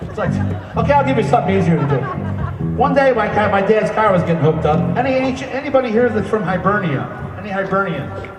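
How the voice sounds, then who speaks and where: A man's voice: high voice, big pitch swings, fast talker. A man performing live musical comedy, jokingly coaxing the audience to sing along. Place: campus performance room with audience. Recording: echoey live room, mic from a distance, music and crowd.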